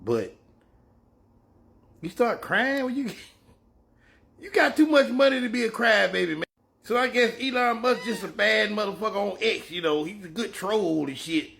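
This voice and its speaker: A man with a fairly high voice rants casually. He is profane and boastful, and he chuckles between his jabs. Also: expressive, moderate pace, creaky, pauses often, fairly bright tone. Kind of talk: casual rant.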